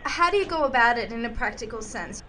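A woman's voice: on the high side, lively intonation, fast talker, pushed and bright, a little hiss or hum. A woman who hosts a radio interview and asks her questions hesitantly, searching for words.

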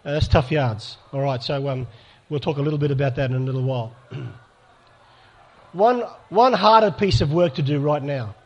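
A man with a slightly high, darkish-toned voice speaks at normal speed while leading a live workshop at a church conference. He's pastoral and direct with the audience, asking them to put their hands up.

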